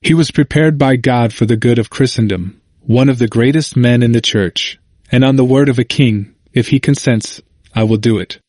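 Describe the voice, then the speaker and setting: A man's voice: mid-range voice, normal speed, darkish tone, dry recording, lightly acted. Ambitious gushing king, read by a guy, emphatic, pretty plain voice, dry sound. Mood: fervent. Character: ambitious, effusive male French king.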